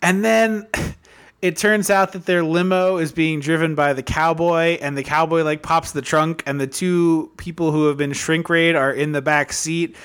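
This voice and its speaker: A man's voice: fairly high pitch, fairly even intonation, moderate pace, a bit bright, smooth. A man co-hosting a podcast in casual chat, rambling with lots of fillers and restarts. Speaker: podcast co-host. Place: hot room at home.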